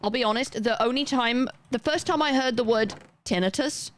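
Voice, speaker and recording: A woman's voice: on the high side, normal speed. A young woman livestreaming a game, chatting casually and rambling as she plays and talks to her chat.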